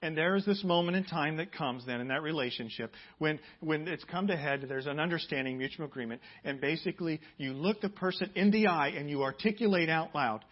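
Emphatic preaching man, lo-fi audio. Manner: emphatic preaching, rising loud and high on key points. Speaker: pastor. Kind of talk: sermon.

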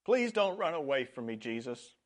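A man voicing a desperate male leper in a read-aloud Bible story, pleading in a raised, louder voice. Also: mid-range voice, sing-song, moderate pace, natural voice. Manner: pleading, then overjoyed and shouting thanks.

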